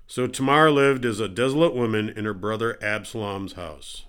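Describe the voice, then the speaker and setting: A man giving a daily Bible reading in a steady, measured way. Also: fairly low pitch, clean tone. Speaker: scripture reader.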